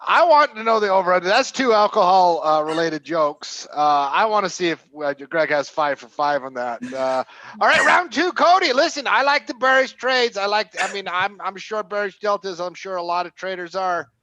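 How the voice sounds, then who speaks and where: A man co-hosting a trading show, bantering in a quick, jokey way. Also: high-pitched, bright, forceful tone, no room sound, highs cut off. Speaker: co-host. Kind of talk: casual market chat.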